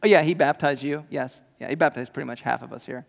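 Nervous stammering disciple voiced by a man, gravelly voice, echoey hall. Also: mid-range voice, quick pace, close to an everyday voice. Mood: awkward. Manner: hesitant, stammering, fumbling. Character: awkward nervous male disciple. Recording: long hall reverb.

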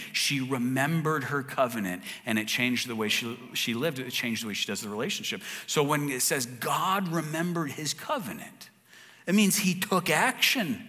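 A man's voice: medium pitch, sharp tone. Earnest preacher man in a reverberant hall. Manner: earnest, conversational, with frequent restarts and fillers. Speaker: pastor. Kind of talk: sermon.

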